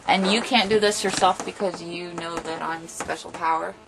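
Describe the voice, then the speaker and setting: A woman's voice: fairly low pitch, steady tone, moderate pace, creaky, background noise. A woman hosting a casual home vlog, rambling and playfully bossy as she chats. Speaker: vlog host. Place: home room with ambient noise.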